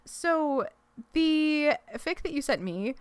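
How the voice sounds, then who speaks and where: A woman's voice: high voice, expressive, slow pace, no echo. A young adult woman co-hosting a podcast, chatting casually and giggling, with rambling fillers and restarts as she retells a story. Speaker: podcast co-host. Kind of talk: casual chat, reading a fic summary aloud.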